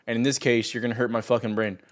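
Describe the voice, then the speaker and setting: A man's voice: mid-range voice, flat delivery, quick pace. A young man hosting a trading livestream, talking casually and ranting at viewers in chat with sarcasm and profanity. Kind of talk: casual live stream chat.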